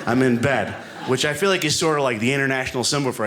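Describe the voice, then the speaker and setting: A man doing stand-up on a comedy club stage, speaking into a handheld mic. His talk rambles and leans on filler words, with a self-deprecating edge. Audience noise from the club is heard clearly behind him. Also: medium pitch, quick pace. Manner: rambling, self-deprecating, full of "like" and "you know". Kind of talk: stand-up routine. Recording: live room with audience noise.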